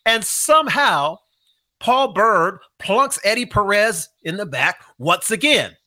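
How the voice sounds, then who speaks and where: Podcast host guy, high voice, really bright, animated storytelling. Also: slow pace. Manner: animated storytelling, leading questions. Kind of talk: interview.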